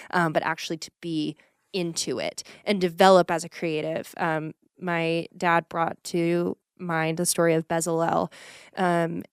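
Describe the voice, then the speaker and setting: Young woman guest, earnest and lively, smooth low-ish voice, dry close sound. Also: no echo. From Texas. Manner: earnest and animated, many ums. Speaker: ministry executive director, guest. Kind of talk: casual podcast interview.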